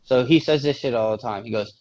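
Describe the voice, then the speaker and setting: A man's voice: medium pitch, fast talker, darkish tone, muffled recording. A man co-hosting a casual podcast, arguing bluntly and swearing a lot. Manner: blunt, profane, argumentative. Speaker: podcast co-host. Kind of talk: casual chat.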